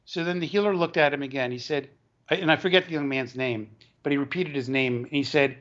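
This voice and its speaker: A man, an author and educator, tells a long story as an interview guest, halting often and restarting his words. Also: mid-range voice, a bit bright. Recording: dull lo-fi recording.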